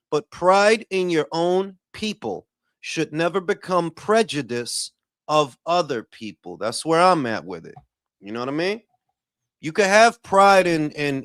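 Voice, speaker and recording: A man hosting a boxing talk stream, his voice lively and swooping up and down. He chats casually and swears freely, reading out shout-outs from the chat. The sound is dry and close on the mic. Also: fairly high pitch, no echo. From Dominican heritage. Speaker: boxing talk show host.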